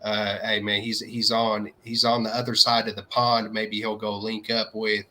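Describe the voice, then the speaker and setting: A man co-hosting a fan talk show, with a slight Southern American twang and an energetic, slangy way of hyping up viewers. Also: lowish voice, normal speed, a little hiss or hum. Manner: energetic, hypes viewers with shout-outs and slang. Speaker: podcast co-host. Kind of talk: casual chat.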